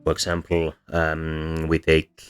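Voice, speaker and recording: A man with a very deep voice talks through a lesson, stopping often to correct himself and fill gaps with ums. Faint music plays quietly under his explanation. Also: monotone, takes it slowly, smooth. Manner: hesitant, many ums and self-corrections. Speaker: language teacher. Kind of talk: explanatory lecture while drawing.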